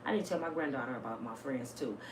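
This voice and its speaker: A woman in her fifties talking casually and bluntly to her viewers, telling stories with salty, animated energy. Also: very deep voice, fast. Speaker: vlogger. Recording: roomy, a bit distant, faint hiss.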